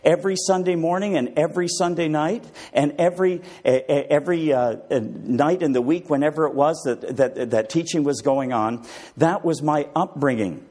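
Animated and fairly high-pitched, a preacher speaks at a moderate pace, asking the congregation one rhetorical question after another.

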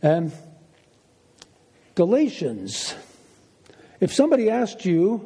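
A man's voice: high-pitched, lively intonation, a little slow, mellow, breathy edge. A middle-aged man teaching the Bible emphatically, asking rhetorical questions and repeating key phrases.

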